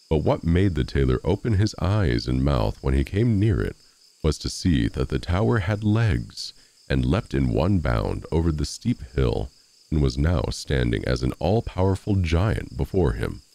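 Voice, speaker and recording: A man reading a fairy tale aloud as a storyteller, with an expressive, theatrical delivery. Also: extremely low pitch, a little slow, vocal fry.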